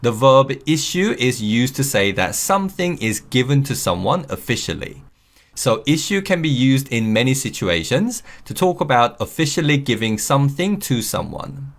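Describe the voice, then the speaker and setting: Lively-voiced man teaching English phrases. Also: mid-range voice. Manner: slow, clear model phrases for learners to repeat. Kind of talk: scripted lesson narration.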